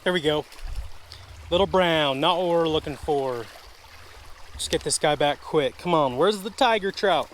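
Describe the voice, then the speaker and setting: A high-voiced man talks casually to his viewers while fishing a small creek, chatty and quick to grumble. He is recorded outdoors on a body-worn mic, with faint running water behind him. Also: a little hiss or hum. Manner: chatty, easily frustrated, talks to viewers as folks and guys. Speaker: fishing vlogger. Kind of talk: casual outdoor vlog narration.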